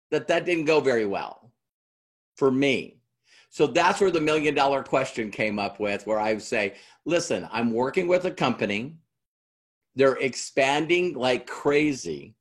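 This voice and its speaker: A middle-aged man giving a talk to an audience in a conversational way, acting out both sides of past dialogues as he tells a story. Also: mid-range voice. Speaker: motivational speaker.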